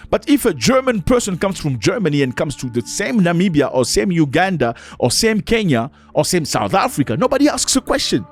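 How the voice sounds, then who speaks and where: A man's voice: fairly high pitch, very animated, fast talker, few pauses, soft background music. A man vlogging an opinionated monologue, emphatic and preachy, who often acts out the voices of people he quotes.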